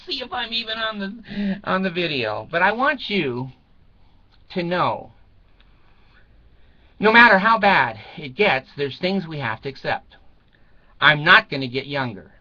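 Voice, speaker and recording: Older man, bright forceful voice, rambling casual chat, cursing and chuckling, dull lo-fi sound. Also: on the high side. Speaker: vlogger.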